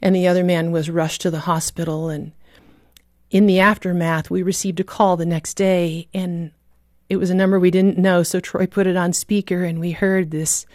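A woman's voice: lowish voice, level tone, normal speed, darkish tone, dry recording, studio quality. A woman giving an earnest, emotional testimony of a personal story, with vivid storytelling. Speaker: guest telling a personal story.

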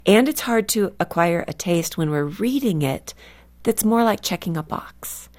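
A woman from California speaks in a fairly low voice, earnest and reflective. She draws out her key words slowly and carefully as the guest author in a faith radio interview. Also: expressive, darkish tone. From California, USA.

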